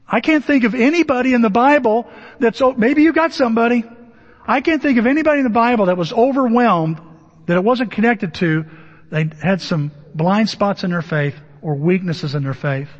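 High-voiced man preaching in echoing hall. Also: lively intonation. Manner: conversational and humorous, acting out Bible figures in quick asides. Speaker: pastor. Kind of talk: sermon. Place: church sanctuary. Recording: dull sound in a hall with long reverb.

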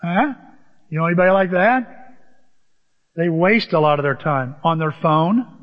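A man's voice: on the high side, animated, normal speed. A man preaching a sermon as pastor, conversational and humorous, rising to emphatic peaks. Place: church. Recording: dull sound with long church reverb.

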